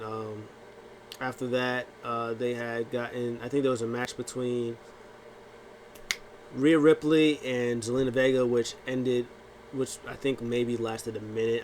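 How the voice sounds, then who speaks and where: Dude rambling about last night's wrestling, lots of um and uh, kinda faint hiss in the back. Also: male voice, medium pitch. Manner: rambling with many fillers and restarts; acts out quotes in funny voices. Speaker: wrestling recap vlogger. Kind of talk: casual recap talk.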